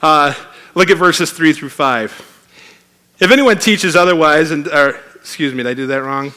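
A man's voice: on the high side, moderate pace, sharp tone, clear, resonant tone. A man preaching a sermon in a conversational, emphatic way, reading scripture aloud.

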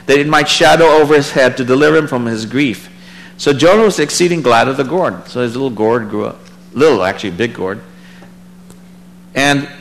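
A man teaching a Bible passage in a sermon, reading verses aloud and then commenting in a relaxed, conversational way, his voice rising for emphasis. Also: rough recording. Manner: animated, rises in pitch and volume for emphasis. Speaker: preacher.

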